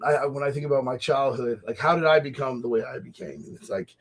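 A man hosting a casual faith talk show, animated and laughing often as he acts out little voices. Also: mid-range voice, fast. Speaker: host. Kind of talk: casual radio chat about faith.

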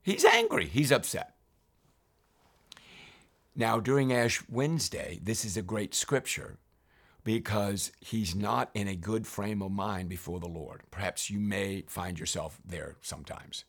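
A man with a lowish voice and some vocal fry speaks at a measured pace. In a devotional Bible teaching, he reads scripture verses aloud and then reflects on them, often saying "remember."

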